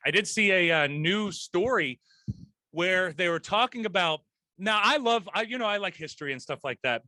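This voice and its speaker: A man's voice: high voice, expressive, normal speed, sharp tone, no echo. A man hosting a casual podcast chat, rambling, laughing often and restarting his sentences. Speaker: podcast host.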